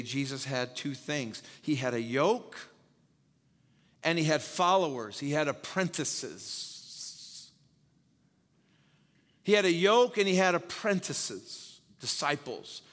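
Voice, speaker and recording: A male pastor preaches with emphasis, often repeating key phrases and tossing questions out to his listeners. His voice sits fairly high for a man. A long reverb trails every line, as in a large hall. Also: a bit bright. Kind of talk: sermon.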